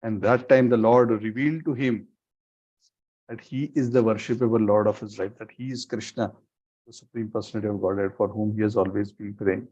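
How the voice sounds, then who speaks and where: A man's voice: lowish voice, fairly even intonation, brisk, dark tone. A man giving a devotional storytelling talk and relating the tale with frequent "you know" fillers. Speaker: devotional speaker. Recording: dull lo-fi recording.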